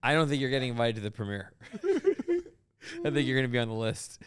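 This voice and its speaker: A man's voice: mid-range voice, huge pitch swings, fairly quick. A man hosting a comedy podcast, joking crudely and laughing a lot in casual chat. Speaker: podcast host.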